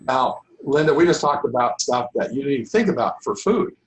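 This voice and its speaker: Hoarse man teaching an informal class. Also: mid-range voice, lively intonation, brisk, low-quality recording. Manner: rambling, restarts sentences often. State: losing his voice. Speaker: holistic healing teacher. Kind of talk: informal online class talk.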